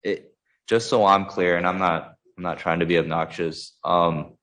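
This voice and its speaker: A man with a very low voice cross-examines a witness at a hearing, asking measured, courteous questions. He pauses on fillers and picks his words with care. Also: steady tone, fairly bright tone, low-quality recording. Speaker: defense attorney.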